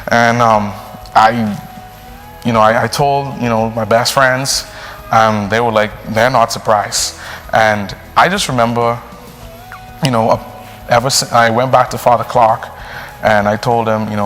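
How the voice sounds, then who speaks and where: A young man, a priest telling his story in an earnest, animated way full of fillers. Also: mid-range voice, normal speed. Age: young adult. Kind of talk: personal storytelling. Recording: long reverb, faint music.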